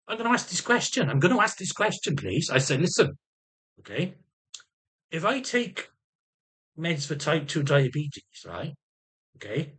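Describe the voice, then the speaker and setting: A middle-aged man vents in a casual monologue, his fairly high voice swinging widely in pitch. He swears freely, keeps restarting and repeating himself, and slips into imitations of the people he talks about. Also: sing-song, fairly quick, a bit bright, breathy edge. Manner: heated, profane, repeats and restarts phrases; mimics other people's voices. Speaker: vlogger.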